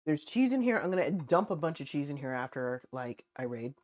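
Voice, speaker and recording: A woman's voice: deep voice, sing-song, brisk, darkish tone. A woman streaming late at night, chatting casually with her viewers as she eats, answering chat and laughing often. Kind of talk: casual livestream chat while eating.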